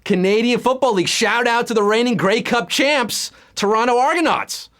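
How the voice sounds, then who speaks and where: A man's voice: extremely high pitch, normal speed. A man hosting a live trivia game show, reading questions and answers in a playful, punning, hyped-up way. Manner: playful, punning, lively hype. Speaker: quiz show host.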